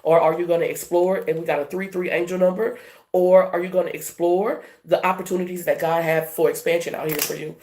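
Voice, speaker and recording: A tarot reader from Louisiana talks through a card spread, with the accent softened. The delivery is emphatic and colloquial. Rhetorical questions get quick answers. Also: medium pitch, level tone. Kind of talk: tarot reading to camera.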